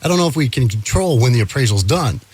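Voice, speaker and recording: A man's voice: mid-range voice, lively intonation, fast talker, a little mellow, husky. A man co-hosting a radio talk show, chatty, recounting his own conversations. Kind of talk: casual storytelling.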